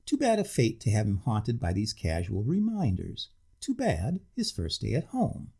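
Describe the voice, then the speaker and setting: A man narrates a ghost story with measured, expressive delivery. His gravelly, husky voice rises and falls over a very wide range. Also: on the low side.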